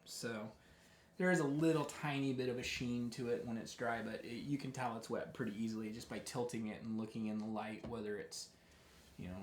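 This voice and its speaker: A painting instructor leads a live tutorial in a mid-range voice, chatty and encouraging, often correcting themself by restarting sentences. The room is roomy and echoey, with slight background noise.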